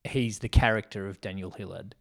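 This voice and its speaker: A man's voice: fairly low pitch, fairly even intonation, brisk, vocal fry. A man co-hosting a casual film podcast, thinking aloud in a rambling way with plenty of ums. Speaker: podcast co-host. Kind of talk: casual film-review chat.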